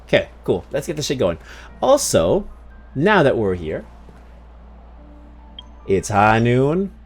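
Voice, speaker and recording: A man's voice: mid-range voice, wildly swooping pitch, normal speed, husky, faint music behind. A man streaming a game, chatting casually to his viewers in a rambling, profane way with many restarts.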